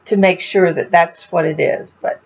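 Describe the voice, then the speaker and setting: A woman's voice: on the low side, fairly even intonation, normal speed, muffled recording. A woman from Florida chatting casually to her viewers in a crafting vlog, recorded at home with a fan and air conditioner humming nearby. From Florida, USA. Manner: chatty, talks to viewers directly. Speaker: crafting vlogger. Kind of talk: casual chat to camera. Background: fan and air conditioner hum.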